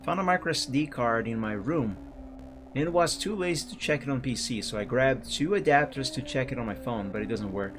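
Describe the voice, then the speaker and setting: A man streaming a game and chatting casually, relaxed and rambling. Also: medium pitch, fairly quick, noisy background. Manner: relaxed, rambling, self-correcting. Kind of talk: casual gameplay commentary.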